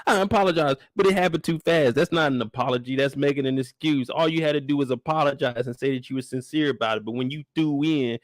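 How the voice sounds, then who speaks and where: A young man hosting a live after-show recap, talking in an animated, incredulous and profane way. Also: mid-range voice, fast, few pauses, no room sound. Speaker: host.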